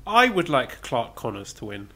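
Bright-voiced man with dry humor. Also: mid-range voice, very animated, normal speed, a little hiss or hum. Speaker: podcast co-host. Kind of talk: casual chat.

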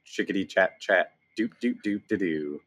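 A man's voice: deep voice, moderate pace, fairly bright tone, husky, no echo. A man co-hosting a podcast in easygoing, upbeat casual chat, laughing often. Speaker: podcast co-host.

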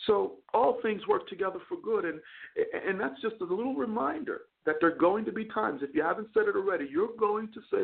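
Male chaplain and radio host, earnest sermon, stumbling repeats, gravelly, phone-line sound. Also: high voice, brisk. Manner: earnest preaching with frequent stammered repeats. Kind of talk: preaching a sermon on a call-in radio show.

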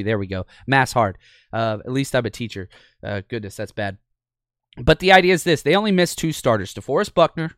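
A man casually breaking down football game film as a video host, animated and opinionated, laughing often. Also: a little high, no echo, studio quality.

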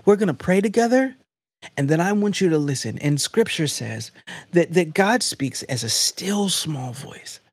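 A man hosting a faith podcast, preaching in an emphatic, animated, conversational way. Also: a little high, unhurried, breathy edge, no room sound, studio quality. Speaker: podcast host.

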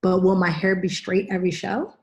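A middle-aged woman hosting a podcast, chatting casually and telling animated stories with acted-out quotes. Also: fairly low pitch, brisk, muffled recording. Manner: animated storyteller, acts out quotes. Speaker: podcast host. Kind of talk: casual chat.

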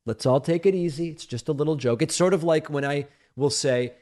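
A man's voice: on the high side, a little fast, darkish tone. A middle-aged man born in Argentina, hosting a political talk show, reading listener mail aloud and answering it in a conversational, emphatic, playfully defensive way.

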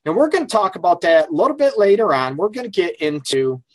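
A middle-aged man, a radio host and relationship counselor, runs a casual live call-in show from his office. His voice sits high and he talks fast and animatedly, frank and rambling with lots of fillers. The recording is dry.

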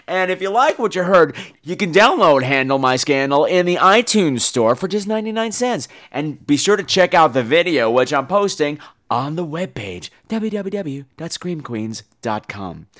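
A man's voice: a little high, a bit bright. A man hosting a podcast, talking in a sassy, campy, profane and theatrical way. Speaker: podcast host. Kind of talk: casual review podcast.

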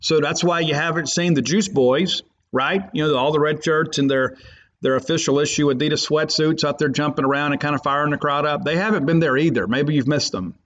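Man, sports podcast host, emphatic, rambling, slightly high voice, dull lo-fi recording. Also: steady tone, a little fast, fairly bright tone. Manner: emphatic, rambling, fan loyalist. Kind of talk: opinionated sports talk. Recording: muffled lo-fi podcast audio.

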